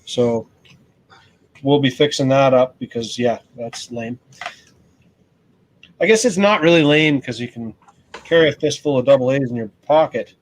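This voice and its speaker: A man hosting a relaxed, joking hobby chat. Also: medium pitch, moderate pace, pauses often, slight background noise. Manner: relaxed, joking, talks while unboxing. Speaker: host. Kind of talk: casual chat.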